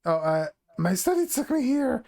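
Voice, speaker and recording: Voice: mid-range voice, big pitch swings, creaky, darkish tone, pitched above the performer's own voice. A game master putting on a shy goblin woman. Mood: hesitant. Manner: slow, halting, full of ums. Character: shy female goblin former scholar turned worshipper.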